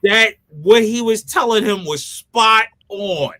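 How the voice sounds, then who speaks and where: High, bright-voiced emphatic man. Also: takes it slowly, dry recording. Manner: emphatic, opinionated, swears freely. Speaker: podcast co-host. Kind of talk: casual chat.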